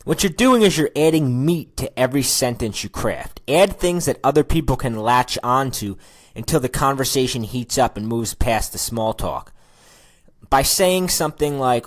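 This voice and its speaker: A man's voice: mid-range voice, expressive, normal speed. A man teaching a recorded course lesson on conversation skills, casual and chatty, acting out sample lines of small talk. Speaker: dating and conversation coach.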